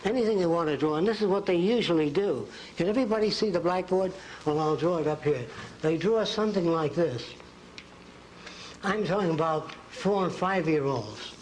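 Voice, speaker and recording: A man's voice: on the high side, normal speed, darkish tone, slight background noise, poor audio. An older man giving a folksy college lecture at a blackboard, acting out quotes. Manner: folksy, drawing on a blackboard while talking, acts out quotes. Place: lecture hall.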